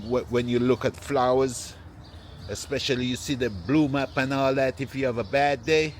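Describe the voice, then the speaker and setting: A man, vlogging casually while walking through an open-air plant nursery with a handheld phone, relaxed and repeating "yeah, man" often. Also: mid-range voice, slight background noise. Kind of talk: casual walking vlog to camera.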